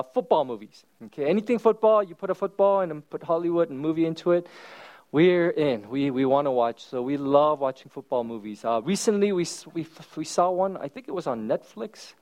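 Animated, high-voiced preaching man. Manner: animated storytelling, swinging between loud exclamations and hushed asides. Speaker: pastor. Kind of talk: sermon. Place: church service.

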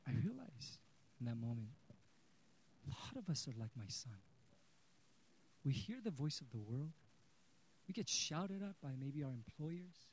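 A man in his thirties giving a sermon, telling a personal story and swinging between hushed and loud. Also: a little high, husky, poor audio. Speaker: pastor.

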